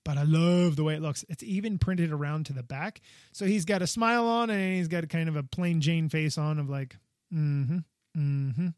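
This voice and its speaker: A man's voice: on the high side, a little fast, no room sound, clean studio sound. A man hosting a casual toy review podcast, talking enthusiastically and rambling, often repeating himself. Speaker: podcast host. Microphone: podcast microphone.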